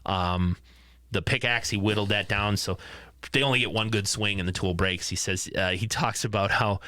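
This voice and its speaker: A man co-hosting a casual movie podcast, retelling scenes with lively acted-out lines. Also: lowish voice, normal speed. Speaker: podcast co-host.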